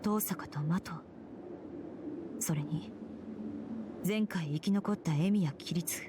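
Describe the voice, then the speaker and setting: A woman voicing a determined female mage's inner thoughts in a game, in whispered role-play, hushed and clipped. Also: on the low side, normal speed, background noise, natural voice. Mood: resolute.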